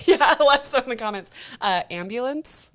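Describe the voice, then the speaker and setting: A woman's voice: high voice, normal speed, a bit bright. A woman co-hosting a podcast in casual chat, joking and giggling between lines. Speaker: podcast co-host.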